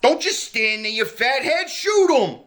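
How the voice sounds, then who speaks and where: A woman's voice: fairly high pitch, animated, moderate pace, bright, forceful tone, a little hiss or hum. A woman playing a scheming male gangster boss who snaps orders, in 1940s radio serial style. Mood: impatient. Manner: bossy, snapping orders.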